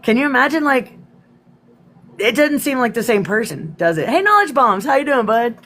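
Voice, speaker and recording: Chatty, slightly hoarse woman livestreaming. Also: on the high side, sing-song, moderate pace, a bit bright. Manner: chatty, swears casually, greets commenters by name. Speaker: livestream host. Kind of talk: casual livestream chat and reading her own poems.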